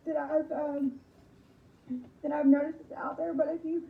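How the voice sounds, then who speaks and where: A woman guest on a radio interview, speaking slowly and haltingly, repeating words as she goes. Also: high-pitched, level tone, gravelly, echoey room, narrow, tinny audio. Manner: halting, repeating words, slow effortful speech. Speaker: podcast host as guest. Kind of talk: casual interview answers.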